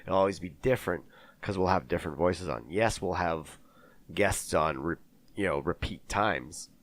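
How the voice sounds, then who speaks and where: A man's voice: low-pitched, moderate pace, no room sound. A man co-hosting a podcast, chatting casually and rambling, self-deprecating about his own voice. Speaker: podcast co-host. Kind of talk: casual chat. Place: basement.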